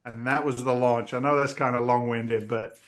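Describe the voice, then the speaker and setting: A middle-aged man, telling his story as a guest in a podcast interview, acting out the people in it. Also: normal speed. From New England, US. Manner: animated storyteller who acts out the people in his story, pitch jumping up in quotes. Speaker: guest, real estate investor.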